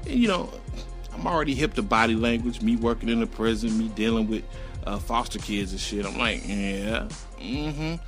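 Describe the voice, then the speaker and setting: A man's voice: on the low side, fairly quick, a bit bright, faint music behind. A middle-aged man telling a personal story in a casual, profane and emphatic way.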